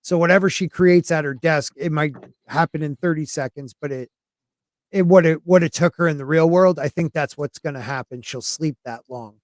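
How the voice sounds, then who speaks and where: A man's voice: fairly high pitch, normal speed, no echo. Chatty man with a dry close sound. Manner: rambling, chatty, frequent restarts. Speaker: podcast co-host. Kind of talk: casual chat about anime.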